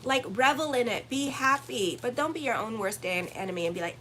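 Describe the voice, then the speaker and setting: A woman's voice: on the high side, lively intonation, a little fast, a bit bright, slight background noise, poor audio. A woman astrologer giving a casual weekly horoscope reading, blunt and profane, teasing her listeners. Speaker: astrologer and tarot reader.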